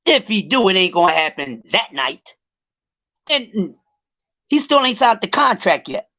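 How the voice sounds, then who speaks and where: A man's voice: high-pitched, very animated, a little slow, sharp tone, highs cut off. A man ranting on a casual livestream about boxing, profane and heated, often stretching and repeating words as he builds his point. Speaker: boxing commentary vlogger.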